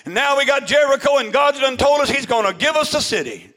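A male pastor, preaching a fervent shouted sermon to his congregation, peppered with "amen" and "uh". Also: very high voice, lively intonation, a little fast, low-quality recording. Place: church with congregation.

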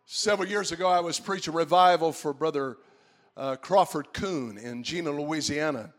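A man preaching a sermon, moving from quiet storytelling to shouted preaching. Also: a little high, moderate pace.

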